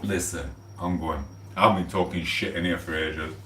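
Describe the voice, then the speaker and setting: A man's voice: deep voice, steady tone, moderate pace, recorded from a distance, a little hiss or hum. Rambling man on a livestream. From England. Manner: rambling, swears freely, shouts out to viewers. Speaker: livestream host. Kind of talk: casual livestream chat. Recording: echoey room, off the mic.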